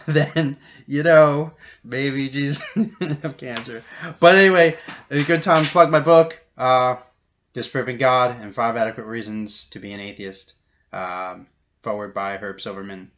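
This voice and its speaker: A man's voice: mid-range voice, fairly bright tone. Chatty man telling a story. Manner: conversational, chuckling, many fillers. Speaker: YouTube host. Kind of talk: casual storytelling vlog.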